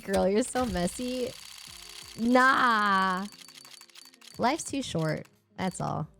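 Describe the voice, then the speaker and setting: A young woman streamer chatting casually, animated and expressive, laughing and swearing freely. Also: mid-range voice, drawn-out words, creaky, faint music behind. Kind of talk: casual live-stream chat.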